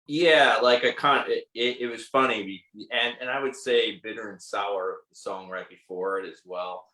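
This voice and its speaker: A man's voice: lowish voice, normal speed, sharp tone, reverberant, poor audio. A male songwriter talking casually about his music, thoughtful and explaining with many restarts. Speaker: songwriter and band leader. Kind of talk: casual interview talk.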